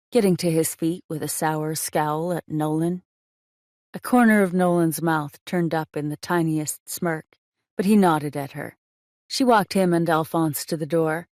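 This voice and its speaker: A woman's voice: low voice, darkish tone, no room sound, studio quality. A woman narrating a romance audiobook in a scripted reading style.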